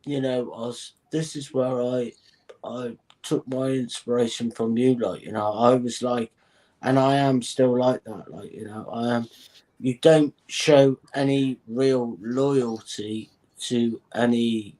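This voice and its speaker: A man's voice: medium pitch, steady tone, slow, mellow, rough recording. A man rambling on a livestream panel, full of "like, you know", and swearing bluntly. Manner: rambling, with many fillers, then blunt swearing.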